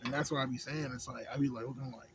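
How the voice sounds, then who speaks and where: A man rants to camera in a loose, profane vlog monologue. He circles back on his points and keeps checking in with "you know what I'm saying." His voice sits at an ordinary middle pitch, with a faint hiss of noise behind it. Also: steady tone, rapid-fire. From Houston, Texas. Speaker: vlogger.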